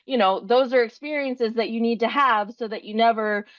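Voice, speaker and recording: A woman's voice: fairly high pitch, normal speed, no echo, highs cut off. A middle-aged woman talking candidly as a guest, chatty and full of fillers. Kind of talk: casual chat.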